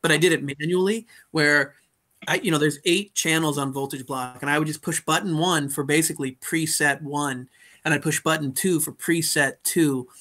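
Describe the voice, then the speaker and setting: Co-host, male, bright and slightly higher voice, chatty explainer on a video call. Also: steady tone, moderate pace. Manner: explains gear with many restarts and fillers. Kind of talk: casual chat.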